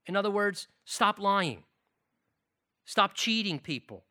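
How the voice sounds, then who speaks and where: High, bright-voiced preaching man. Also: animated, takes it slowly. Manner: impassioned preaching, loud emphatic bursts then quiet asides. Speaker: pastor. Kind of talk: sermon.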